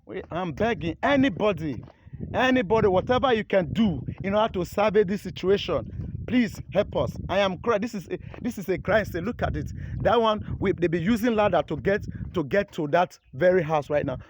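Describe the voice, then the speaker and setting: A Nigerian man with a notably high voice pleads urgently, repeating himself as he films outdoors. He talks into a handheld phone with faint background noise. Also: animated, a little fast. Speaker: local resident filming his community. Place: outdoors by an eroded road.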